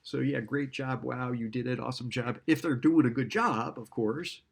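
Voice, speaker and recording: A man's voice: mid-range voice, normal speed, creaky, slightly rough. A man lecturing in a casual, conversational way, often checking in with "right?" and acting out client and therapist lines. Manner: conversational, keeps asking "right?".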